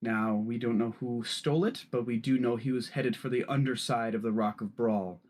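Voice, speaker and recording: A proud corporate official who chooses his words slowly and formally, as a man voices him. He sounds polite and measured in a tabletop game, close to an ordinary speaking voice. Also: mid-range voice, fairly even intonation, darkish tone, lightly acted.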